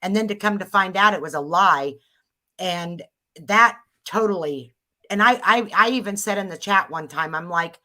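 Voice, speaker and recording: A woman's voice: medium pitch, moderate pace, pushed and bright. A woman hosting a casual livestream chat, exclaiming and trailing off. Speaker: livestream host.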